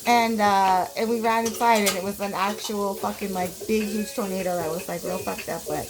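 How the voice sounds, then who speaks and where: A woman's voice: medium pitch, steady tone, moderate pace, background noise. Blunt, foul-mouthed Canadian woman storyteller. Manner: profane, blunt storytelling with lots of fillers. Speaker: vlogger. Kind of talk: casual storytelling vlog.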